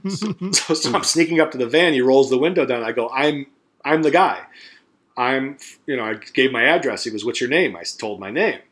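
A middle-aged man chatting on a podcast at an ordinary middle pitch. He tells a long story loosely and crudely, stumbling over restarts and swearing freely. He slips into the voices of the people he quotes as he goes. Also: expressive, a little fast, a bit bright. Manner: profane, rambling, acts out quoted voices. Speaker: podcast co-host. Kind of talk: casual storytelling chat.

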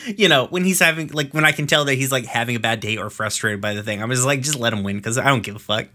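A man in his thirties talks loosely through an episode recap, and his voice has a bright, forceful edge. He rambles and swears freely, with plenty of fillers and restarts. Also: medium pitch, quick pace. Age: 30s. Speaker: podcast host recapping episodes. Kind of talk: casual chat.

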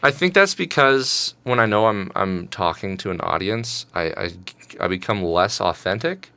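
A man's voice: lowish voice, lively intonation, moderate pace, bright, forceful tone, clean tone. A young man co-hosting a podcast, chatting casually and self-deprecatingly, often slipping into mock voices. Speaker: podcast co-host. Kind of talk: casual chat.

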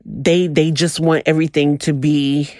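A young woman, telling a profane, animated story in a casual monologue. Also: sits low, measured pace, no echo, studio quality. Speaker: commentator.

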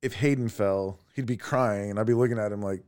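Male podcast co-host, lowish voice, dry close sound, casual and animated storyteller who laughs a lot. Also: fairly quick, smooth, no room sound. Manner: animated, laughs often, acts out quoted voices. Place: at home.

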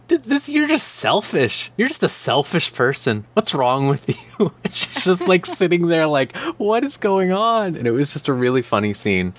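Man, casual podcast chat, mid pitch, animated rant, lots of swearing and filler words. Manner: animated ranting, frequent swearing and "like". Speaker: podcast co-host. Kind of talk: casual chat about anime.

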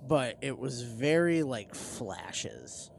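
A man's voice: medium pitch, expressive, drawn-out words, creaky, a little hiss or hum. A man in casual chat about a film, chiming in with dry, wry remarks. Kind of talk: casual movie-recap chat.

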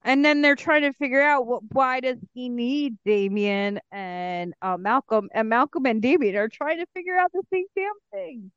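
A woman's voice: high voice, moderate pace, hardly any pauses, smooth, dry recording, highs cut off. A woman co-hosting a podcast, animatedly recapping a TV episode and acting out character lines. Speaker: podcast co-host. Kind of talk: casual chat recapping a TV episode.

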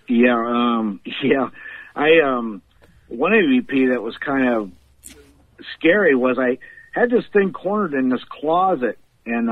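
A man's voice: medium pitch, no room sound. Male guest, rambling laughing storyteller, phone-line sound. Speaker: guest paranormal investigator. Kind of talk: casual storytelling on a podcast.

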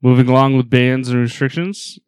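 A man's voice: medium pitch, fairly even intonation, brisk, darkish tone, smooth, no room sound. A man co-hosting a casual podcast, with dry teasing remarks. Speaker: co-host. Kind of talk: casual chat.

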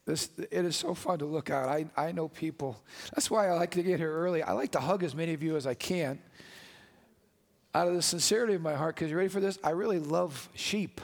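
High, gravelly-voiced man preaching passionately. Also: a little fast, in a large hall. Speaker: pastor. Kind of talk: sermon. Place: church sanctuary with congregation.

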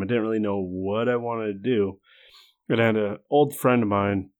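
Laid-back young man, low voice. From United States. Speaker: podcast co-host. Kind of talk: casual chat.

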